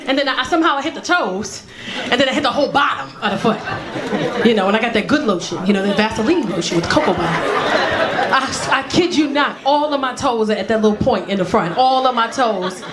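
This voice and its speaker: Over noisy crowd sound and laughter, a middle-aged woman with a slightly high, animated voice talks a little fast. She's a stand-up comic on a club stage, needling the audience with brash, profane crowd work.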